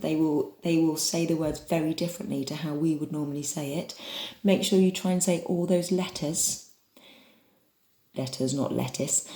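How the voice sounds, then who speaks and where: A woman's voice: low-pitched, dark tone. A woman from England leading an online drama lesson for children, chatty and encouraging as she demonstrates reading aloud. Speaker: drama teacher. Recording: echoey room.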